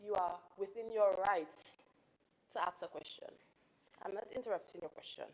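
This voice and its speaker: A woman chairing a parliamentary sitting as presiding officer, firm and measured. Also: mid-range voice, rough recording. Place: legislative assembly chamber.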